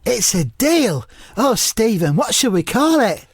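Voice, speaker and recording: A man putting on a male pundit's voice, repeating lines back in a flat, deadpan way. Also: high-pitched, unhurried, husky, voice pushed up, heavily acted.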